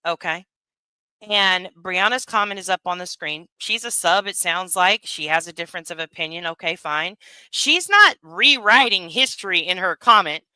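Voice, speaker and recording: A woman's voice: lowish voice, normal speed, sharp tone, smooth, no echo, studio quality. A woman giving heated, profane livestream commentary, rambling with many asides and tags like "right?". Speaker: commentary streamer.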